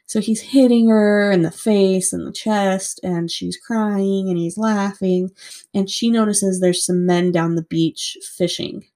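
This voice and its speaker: A woman's voice: medium pitch, fairly even intonation, measured pace, warm tone. A woman casually recounting a true-crime story to a co-host, chatty with lots of "like" and free swearing.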